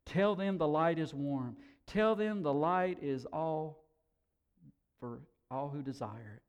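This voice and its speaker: Storybook stranger, kindly and unhurried, slightly high read by a male preacher. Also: smooth. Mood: calm. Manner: calm, slow, inviting. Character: gentle wise male stranger bringing fire.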